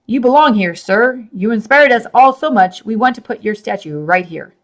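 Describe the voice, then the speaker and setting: A woman's voice: a little high, moderate pace, natural voice. A woman doing a wheedling schemer schoolboy. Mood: pleading. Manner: flattering, wheedling. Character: scheming, smooth-talking schoolboy.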